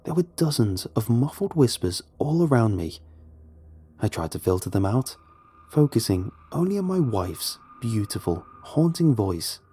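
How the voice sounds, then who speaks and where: A man narrating a first-person horror story in a hushed, dramatic way. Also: medium pitch, sing-song, unhurried, husky.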